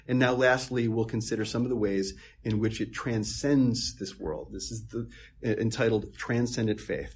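A man preaching a sermon, emphatic, with repeated words, moving between strong stress and quiet asides. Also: fairly low pitch, moderate pace, husky.

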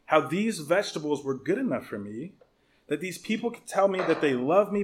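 A pastor delivers a sermon, his voice a little high, telling stories with animated humor while restarting sentences conversationally and repeating words. Some background noise is audible.

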